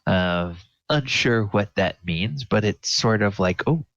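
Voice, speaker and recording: Slow, low-voiced game master man. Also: fairly bright tone, no echo. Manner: slow, searching, many fillers. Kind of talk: narrating a tabletop game. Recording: dull lo-fi audio.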